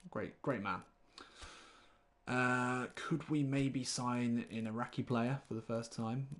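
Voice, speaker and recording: A man's voice: medium pitch, steady tone, takes it slowly, fairly bright tone. A man, rambling chattily through live gameplay commentary while greeting chat viewers. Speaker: game streamer.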